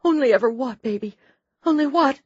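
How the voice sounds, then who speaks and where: A young wife played by a woman in a low, dark voice, tender and then pleading with rising cries. The sound is dull, dry and close. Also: lively intonation, moderate pace, slightly rough, dry recording. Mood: anguished. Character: young wife, loving then grief-stricken.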